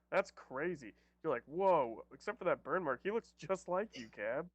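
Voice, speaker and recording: A man's voice: a little high, animated, normal speed, no room sound, lo-fi sound. A man talking casually as a player over an online voice call, joking and teasing. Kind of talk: casual play chat.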